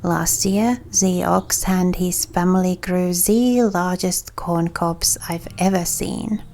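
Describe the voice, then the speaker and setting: A hefty gourd farmer from a storybook game, competitive and quick to suspect his rival, talking in a slow, gravelly way, as a woman reads him aloud. He has a faint rustic lilt over a mellow, dark tone, with soft music underneath. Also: on the low side, steady tone. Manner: mild attempt at a rustic farmer accent.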